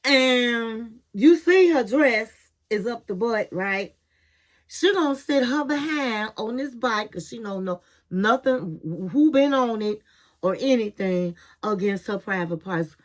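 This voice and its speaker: A woman's voice: a little high, slow. A woman giving a casual, chatty recap of a reality TV episode, telling it with sass and calling her listeners honey and girl. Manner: sassy, animated storytelling, calls viewers honey and girl.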